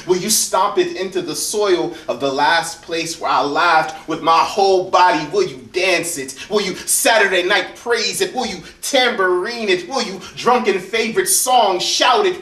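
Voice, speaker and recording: A man's voice: sits high, a bit bright. A man performing spoken word poetry at a live reading, building rhythmic, repeated questions that rise and fall sharply in force. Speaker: featured poet. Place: hotel event room, indoors. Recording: echoey room, voice from far off.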